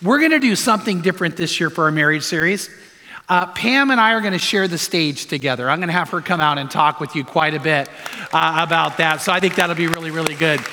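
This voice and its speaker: High, bright-voiced male pastor in a reverberant hall. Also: fast, some chatter behind. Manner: animated storytelling with frequent fillers and restarts. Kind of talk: sermon. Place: church sanctuary.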